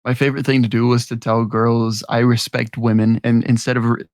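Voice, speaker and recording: A man's voice: mid-range voice, flat delivery, fairly quick, clear, resonant tone, no room sound. Young man, crude rambling storyteller. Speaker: podcast co-host. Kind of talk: casual chat.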